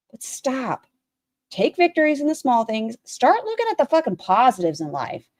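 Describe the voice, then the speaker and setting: A woman's voice: fairly high pitch, no echo, clean studio sound. Blunt, sarcastic woman streamer. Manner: blunt, sarcastic, swears freely. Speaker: streamer reacting to clips. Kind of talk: live-stream commentary.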